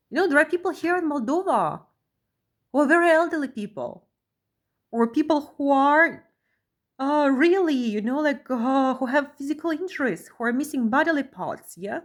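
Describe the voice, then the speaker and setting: A woman talking to camera in an emotional vlog monologue, tagging her phrases with a questioning "yeah?" and swinging between pressing outbursts and quiet, low stretches. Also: lively intonation, normal speed. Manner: keeps adding a questioning "yeah?" after phrases. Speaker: vlogger.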